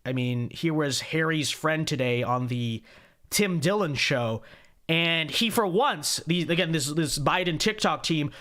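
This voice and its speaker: A young man hosting a casual political commentary show, talking sarcastically and mocking quotes in a high, whiny voice. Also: measured pace, fairly bright tone.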